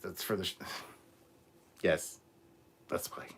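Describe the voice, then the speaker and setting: A man's voice: slow, slight background noise. A man hosting a live stream, reading out chat comments in a casual, crude way with plenty of swearing. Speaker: host.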